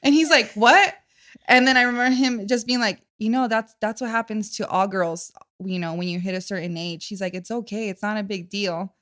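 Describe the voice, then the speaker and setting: Woman podcast host, bright clear tone, animated storyteller, casual chat, laughs a lot. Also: brisk, hardly any pauses. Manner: animated storyteller, acts out voices with loud high bursts and laughter.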